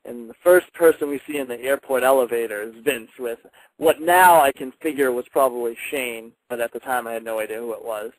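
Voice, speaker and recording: A young man, a wrestler guest on a radio show, telling stories in a casual, animated way and laughing now and then. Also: mid-range voice, fairly quick, no echo, low-quality recording. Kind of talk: casual radio interview storytelling.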